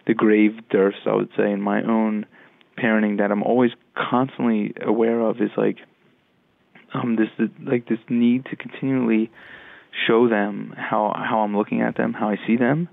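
A man reflecting on parenting in a halting, casual way, heard over a tinny line. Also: lowish voice, level tone, vocal fry, no room sound. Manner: reflective, halting, many fillers.

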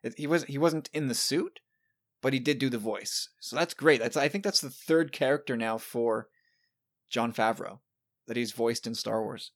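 A man's voice: mid-range voice, normal speed. A man in his thirties hosting a casual chat, talking loosely and often restarting his words.

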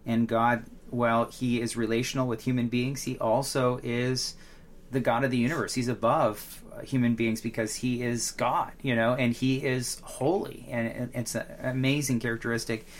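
A man's voice: medium pitch, flat delivery, normal speed. A middle-aged man co-hosting a Bible study podcast, explaining earnestly in casual chat with frequent restarts. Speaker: podcast co-host, teacher.

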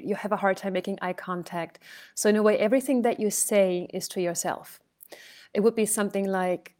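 A woman voice and speech coach talking casually, telling a story and shifting her loudness to illustrate her points. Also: mid-range voice. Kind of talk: conversational coaching talk.

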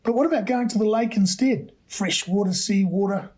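A man voicing a worried, gentle mother who speaks in a soothing, pleading way, in a raised voice. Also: high voice, normal speed, pitched above the performer's own voice, close to an everyday voice.

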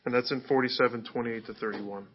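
A man's voice: mid-range voice, fairly even intonation, quick pace, breathy edge, muffled recording. A male pastor preaching a sermon in an easygoing, conversational way, with fillers and restarts.

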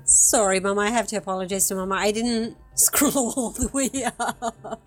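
A woman's voice: medium pitch, normal speed, faint music behind. A woman hosting a casual podcast, reading out listener comments with frequent giggles. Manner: giggly, apologetic about names. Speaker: podcast host.

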